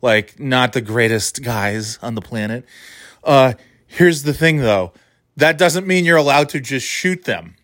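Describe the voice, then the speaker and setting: A man's voice: mid-range voice, expressive, unhurried, a bit bright, no echo, clean studio sound. Angry, profane man ranting. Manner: fragmented, restarting sentences. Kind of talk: ranting monologue.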